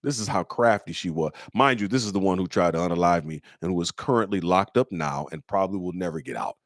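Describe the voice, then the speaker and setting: Animated streetwise man spinning stories. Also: fast, no room sound, clean studio sound. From Michigan. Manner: animated, acts out quoted voices in a higher pitch; streetwise slang, blunt and preachy. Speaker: comedian host answering listener questions. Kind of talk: casual storytelling chat.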